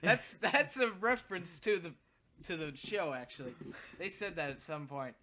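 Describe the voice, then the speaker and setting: A man co-hosting a podcast in casual chat, excitable and jokey, laughing often. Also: a little high, normal speed. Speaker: podcast co-host.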